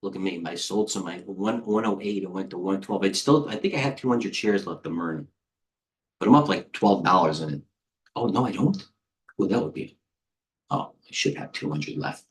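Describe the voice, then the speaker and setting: A man coaching traders live, rambling quickly from one stock to the next and growing excitable as he goes. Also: low voice, a little hiss or hum. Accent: American. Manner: rambling, excitable, jumps between tickers. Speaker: trading coach. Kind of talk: live market commentary.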